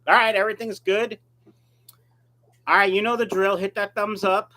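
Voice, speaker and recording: A man's voice: high voice, little pitch movement, normal speed, sharp tone. A man hosting a casual live stream as a fish breeder, reading viewer comments aloud and answering them in a joking, rambling, self-mocking way.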